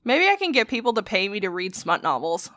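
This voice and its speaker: Woman co-hosting a podcast, chatty and animated, laughs a lot, cusses casually. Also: mid-range voice, a little fast, no echo, clean studio sound. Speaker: podcast co-host. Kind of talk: casual storytelling chat.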